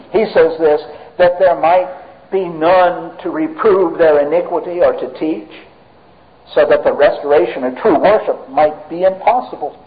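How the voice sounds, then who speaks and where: A man preaching a sermon emphatically, swinging between raised and hushed delivery. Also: a little high. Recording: tinny phone-like audio.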